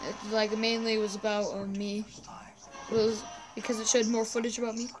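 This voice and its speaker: A woman's voice: a little high, little pitch movement, normal speed, over music, pitched below the performer's own voice, close to an everyday voice, low-quality recording. A woman voicing a boastful, self-centered male giant reptile monster in a comedy sketch, in a smug, bragging manner.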